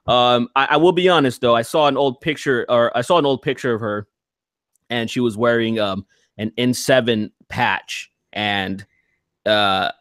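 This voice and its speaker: A man's voice: on the low side, a bit bright, no room sound, studio quality. A man hosting a casual podcast, rambling and crude, with frequent restarts and laughter. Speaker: podcast host.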